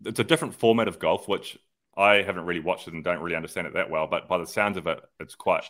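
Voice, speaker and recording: A man's voice: low voice, steady tone, quick pace, fairly bright tone. A man, co-hosting a podcast in casual, rambling, sweary chat. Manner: rambling, laid-back, sweary. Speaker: podcast co-host.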